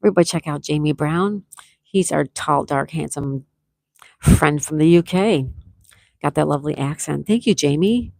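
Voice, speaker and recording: A woman hosts a relaxed morning livestream, reading out chat messages and gushing thanks to viewers one after another. Her voice sits fairly low, and the sound is close and dry with little room echo. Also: moderate pace, vocal fry. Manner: effusive, thanks viewers by name, reads chat aloud. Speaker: livestream host. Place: at home with a view, morning tea.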